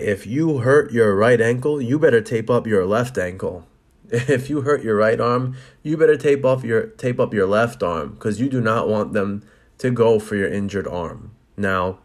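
A man who competes in jiu-jitsu, telling match stories and giving blunt, profane advice in a casual way. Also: fairly low pitch. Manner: blunt and profane, animated storytelling.

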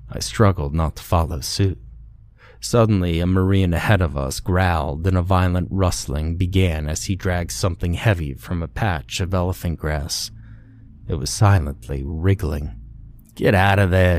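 Deep-voiced man narrating a grim horror story. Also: darkish tone. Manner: grim, profane first-person storytelling. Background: faint music.

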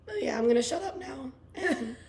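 A young woman in her twenties co-hosts a chatty podcast, her voice hoarse and worn out. She gushes in a bubbly rush, stringing thoughts together with lots of "like"s, and sits a little higher in pitch than most women. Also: expressive, normal speed, a little mellow. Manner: bubbly, gushing, many "like"s. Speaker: podcast co-host. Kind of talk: casual chat.

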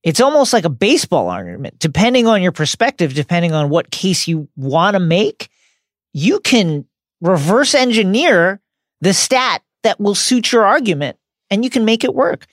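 A man's voice: high voice, big pitch swings, moderate pace, no room sound, clean studio sound. A man co-hosting a podcast, giving an emphatic, essay-like delivery. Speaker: podcast co-host. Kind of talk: casual podcast discussion.

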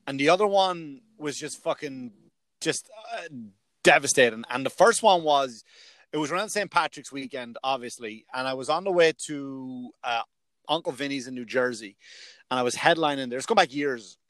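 A man's voice: mid-range voice, moderate pace, fairly bright tone, no echo. A male stand-up comedian in casual chat, telling stories from his gigs, swearing freely and acting out what others said. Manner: storytelling, swears freely, acts out other people's lines.

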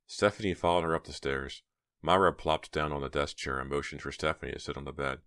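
Man reading an audiobook, extremely low voice, steady and measured, dry close sound. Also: no room sound. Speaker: audiobook narrator. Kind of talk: scripted narration.

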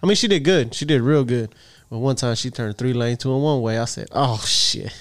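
A man's voice: mid-range voice, a little fast, dry recording. A middle-aged man, telling a rambling, profane story in casual podcast chat. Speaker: podcast co-host.

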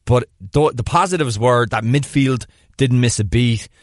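A man talks through match tactics in a relaxed podcast chat, picking apart each play with lively detail. His voice sits mid-range and sounds dry and close, with no room around it. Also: mid-range voice, moderate pace, no room sound. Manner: animated, breaks down plays in detail. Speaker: podcast co-host. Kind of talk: casual sports analysis chat.

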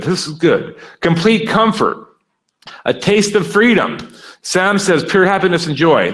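A man's voice: mid-range voice, a bit bright, rough recording. A man leading an interactive seminar, energetically coaxing his live and online audience and repeating their answers aloud. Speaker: speaker leading a workshop.

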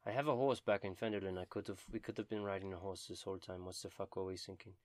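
A man voicing a nervous, polite travelling companion in a tabletop game, muttering quickly and fretfully. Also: sits low, steady tone, dry recording, lightly acted.

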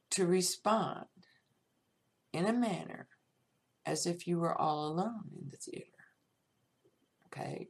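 A woman hosting her own podcast, talking through life lessons in a plain-spoken, reflective monologue. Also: on the low side. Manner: slow, gravelly, plain-spoken. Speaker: podcast host.

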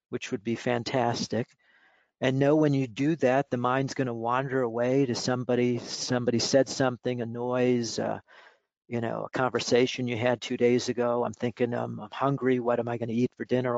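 A man speaking as a mindfulness coach in an interview, explaining exercises in a relaxed, instructive way with many fillers. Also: mid-range voice, normal speed, creaky, no echo. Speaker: mindfulness coach and author, guest. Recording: dull lo-fi audio.

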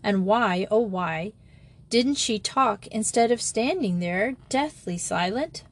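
A woman narrating a children's novel as an audiobook reader, giving the characters' lines small lifts in pitch. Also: animated, slow.

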